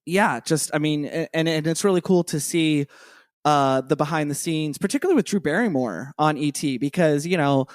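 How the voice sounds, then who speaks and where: A man's voice: a little high, moderate pace, no echo, clean studio sound. A man co-hosting a podcast who talks in a rambling, enthusiastic way, full of "you know". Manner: rambling, enthusiastic, lots of fillers. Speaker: podcast co-host. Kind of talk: casual podcast chat.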